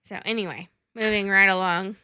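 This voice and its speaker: Woman podcast host, bright clear voice, dry close sound, blunt jokey chat. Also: mid-range voice, fairly even intonation, a little fast, no echo. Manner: blunt, joking banter. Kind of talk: casual chat.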